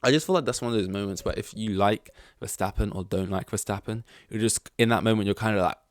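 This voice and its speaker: Rambling low-voiced man, dry sound. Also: fast, no echo. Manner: rambling, filler-heavy, swearing. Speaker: podcast host. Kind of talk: casual chat.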